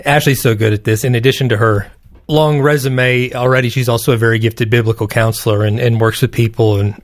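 A man's voice: mid-range voice, fairly even intonation, fairly quick. Male co-host, earnest and explanatory, medium voice. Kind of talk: casual conversational interview.

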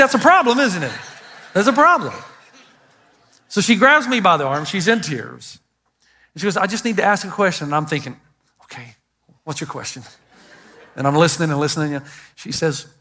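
An older man, a pastor, preaching a sermon to a congregation, telling stories and driving his points home with loud emphatic lines and quiet asides. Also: sits high. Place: church auditorium. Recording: live sermon in a large hall with long reverb.

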